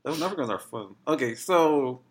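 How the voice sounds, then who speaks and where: A man hosts a casual podcast interview, chatty and easygoing. His voice moves up and down in a lively way, and he laughs readily. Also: mid-range voice, normal speed. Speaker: podcast host.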